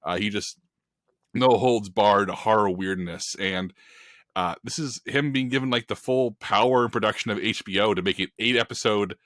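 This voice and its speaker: A man on a film podcast panel, ranting in an animated, emphatic and opinionated way in casual chat. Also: lowish voice, normal speed, no room sound, studio quality.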